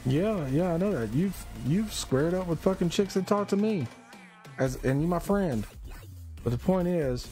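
A man's voice: high voice, lively intonation, unhurried, mellow, soft background music. A tired man streaming live, ranting in a blunt, profane and rambling way. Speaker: livestreamer. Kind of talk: casual live-stream rant.

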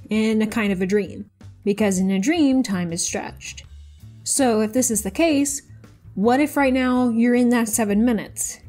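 Woman host, high voice, reads posts with sarcastic quips; faint music underneath. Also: darkish tone. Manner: wry, playful sarcastic asides. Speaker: YouTube host. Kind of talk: reading out posts with casual commentary.

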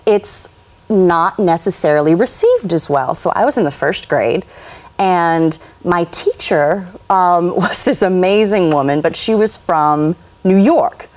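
A woman from Los Angeles, a guest on a chat show, telling childhood stories in an animated, emphatic way. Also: on the low side, a little slow. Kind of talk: casual storytelling.

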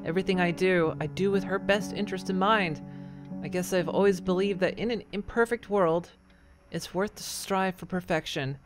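A man's voice: high-pitched, normal speed, music in the background, natural voice. An actor playing a troubled male painter, apologizing earnestly to his wife in a game. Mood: apologetic. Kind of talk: game voice acting.

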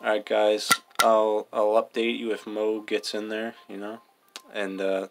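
A man's voice: fairly low pitch, monotone, measured pace, vocal fry, music in the background. A young man giving casual, joking gameplay commentary, mumbling and swearing freely. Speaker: gaming vlogger.

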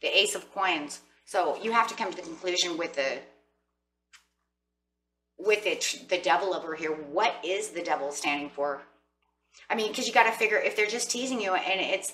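A woman's voice: on the low side, lively intonation, moderate pace, a bit bright, distant mic, slight background noise. Chatty woman reading tarot in an echoey room. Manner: chatty, rambling, addresses viewers as guys. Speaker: tarot reader.

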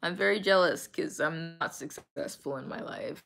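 Woman streamer, lowish voice with gravelly fry and a bright edge, candid, reads chat. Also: moderate pace. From New England. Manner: candid, answers viewer comments aloud. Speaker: livestreamer reading chat. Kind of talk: casual livestream chat. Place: underground room.

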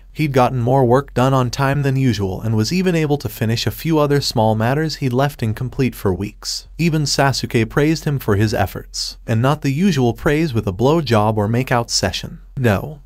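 A man reading a story aloud at a steady, even pace. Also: mid-range voice, dry recording, clean studio sound. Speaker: fan fiction reader.

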